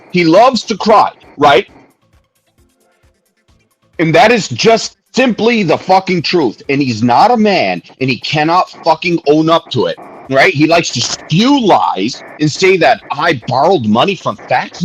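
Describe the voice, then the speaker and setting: Husky man in a heated, profane rant. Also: on the high side. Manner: heated, profane, repeats jabs for emphasis. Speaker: livestreamer. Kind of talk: angry livestream rant. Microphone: streaming mic.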